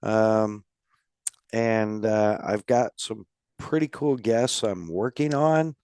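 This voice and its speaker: Slow, laid-back man hosting a podcast. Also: lowish voice, a little mellow, clear, resonant tone, dry recording, studio quality. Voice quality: nasal. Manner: laid-back, rambling with many fillers. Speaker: podcast host. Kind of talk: casual chat.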